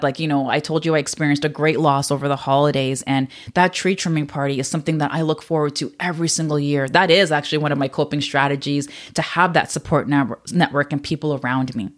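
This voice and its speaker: A woman's voice: deep voice, steady tone, fast talker, few pauses. A woman hosting a wellness podcast, talking in a casual, candid way with many fillers and frequent laughs, a little choked up at times. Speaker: podcast host. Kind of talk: casual solo podcast talk.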